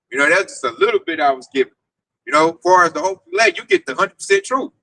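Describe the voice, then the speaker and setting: A man preaching casually to an online audience in an animated, slangy, streetwise way. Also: sits high, quick pace, dry recording, rough recording. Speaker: teacher leading a group discussion.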